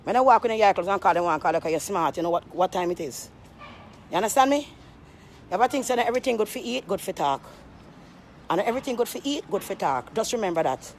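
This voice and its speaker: A woman's voice: mid-range voice, animated, quick pace, slight background noise. A woman, a vlogger telling a rambling story to camera with emphatic, repetitive, preachy asides.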